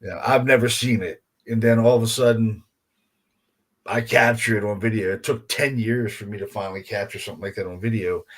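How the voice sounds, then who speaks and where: A man with a somewhat low voice speaks as a podcast guest. He talks casually and rambles through his story, swearing freely and leaning on "you know" and "man" as he goes. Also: steady tone, brisk, fairly bright tone. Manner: rambling, profanity-laced, heavy on fillers like "you know" and "man". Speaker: guest paranormal investigator.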